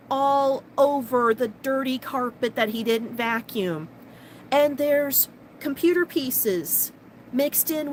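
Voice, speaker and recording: A woman vlogger telling a personal story to camera, animated and sarcastic, with fast bursts of talk. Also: high voice, a little hiss or hum, rough recording.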